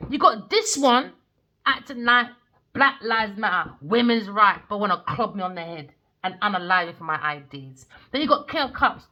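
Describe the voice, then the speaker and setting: A woman's voice: a little high, bright, forceful tone. Heated, sweary woman ranting as a tarot reader. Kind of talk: ranting casual monologue.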